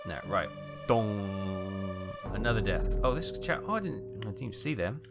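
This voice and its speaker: A Welsh game streamer gives rambling let's play commentary over game music, muttering and thinking aloud as he pieces things together. His lowish voice is sing-song with vocal fry, and he talks fast.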